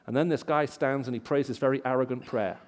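A man's voice: mid-range voice, fairly even intonation, fast talker. English-accented man preaching in a hall. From Middle East. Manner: storytelling, rising loud for emphasis. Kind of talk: sermon. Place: large auditorium.

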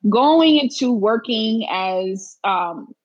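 A woman's voice: on the high side, expressive, very slow, no room sound, lo-fi sound. A woman guest talking earnestly and emphatically in a casual interview, repeating her phrases for weight.

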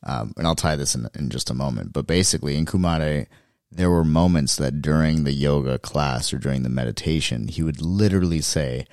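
A man with an extremely deep voice hosts a casual podcast chat. He talks in a relaxed, reflective way, with plenty of loose fillers. The sound is dry and close, with no room echo. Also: a little fast. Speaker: podcast host. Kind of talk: casual conversation.

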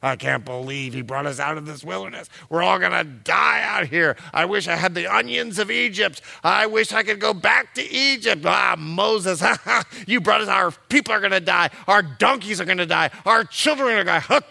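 A man's voice: high voice, normal speed, gravelly, few pauses, sharp tone, heavily acted. A man voicing a grumbling crowd of thirsty wanderers, wailing complaints in a sermon. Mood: whining.

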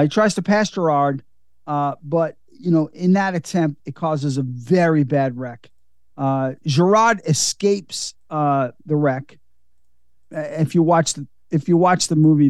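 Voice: mid-range voice, darkish tone, no room sound, studio quality. A podcast host recapping a film casually, laughing often and swearing freely.

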